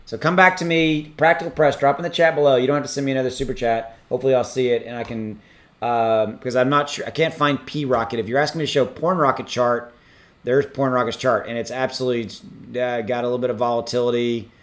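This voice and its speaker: A man's voice: medium pitch, fairly even intonation. Rambling man hosting a live chat. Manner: rambling, halting, many ums and restarts. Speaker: crypto livestream host. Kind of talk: casual livestream chat reading super chats.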